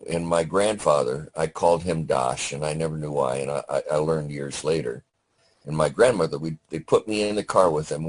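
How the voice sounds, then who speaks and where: An older Vietnam veteran from Detroit, Michigan, appears as a guest in a storytelling interview over a remote audio call. He recalls his childhood slowly and haltingly, pausing often and using many fillers. His voice is low, and the audio quality is poor.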